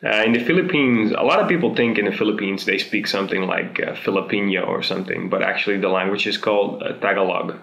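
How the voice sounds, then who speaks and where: A young man with a Dutch accent talks his way through a casual language tutorial, pausing often. His voice sits low and gravelly but comes out bright. The sound has a roomy echo around it. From Netherlands. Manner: chatty, relaxed, many "uh" pauses. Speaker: video host.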